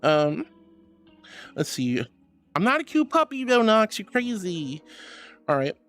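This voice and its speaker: An affectionate VTuber streamer on a casual live stream, calling viewers honey and sweetheart. The voice sits in a middling register but leaps around, from soft and reassuring to high and excited. Faint music plays underneath. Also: takes it slowly. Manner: swings between soft reassuring advice and high excited thanks. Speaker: VTuber livestreamer. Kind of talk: casual livestream chat reading and pep talk.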